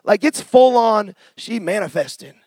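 A middle-aged man preaches a testimony sermon, and his voice sits unusually high for a man. He moves from passionate, shouted storytelling to slow, quiet scripture reading. The sound is dry and close, with no room echo. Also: expressive. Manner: impassioned storytelling with bursts of shouting; reads scripture slowly and softly.

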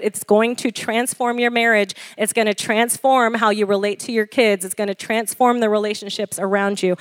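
A woman preaching a sermon with a fairly high voice, recorded dry and close. She talks in a lively way, laughs between points and keeps checking in with the congregation with "okay?" and "amen?". She often asks them to repeat phrases after her. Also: no room sound.

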